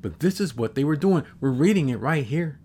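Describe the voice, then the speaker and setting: A man in his fifties preaching a sermon, reading scripture slowly and emphatically, repeating verses and adding exclamations. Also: fairly high pitch, animated, darkish tone, a little hiss or hum.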